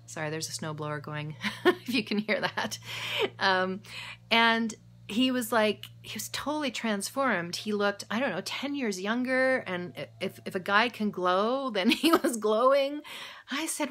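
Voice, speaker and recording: A woman who works with patients, talking casually and gently, guiding a visualization and laughing often. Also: medium pitch. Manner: soft, encouraging, laughs often. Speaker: health practitioner. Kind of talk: casual guided talk. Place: home.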